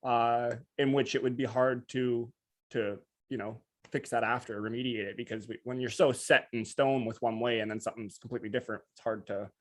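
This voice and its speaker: Very fast-talking man co-hosting a stream. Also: medium pitch, fairly even intonation. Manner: very fast talker, restless restarts. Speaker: co-host. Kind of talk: casual live-stream chat. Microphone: video call.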